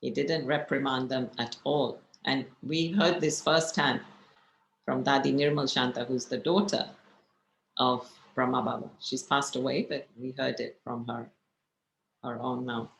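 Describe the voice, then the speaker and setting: A woman, a spiritual teacher, telling stories in a gentle, reflective way and asking her listeners questions. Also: a bass voice, fairly even intonation, unhurried, vocal fry. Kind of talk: storytelling talk. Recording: echoey room with faint noise.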